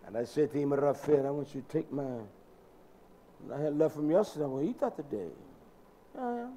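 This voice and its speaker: A male preacher giving a sermon in a dramatic, colloquial manner, swinging from shouted lines to low murmurs. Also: a little fast, a little hiss or hum.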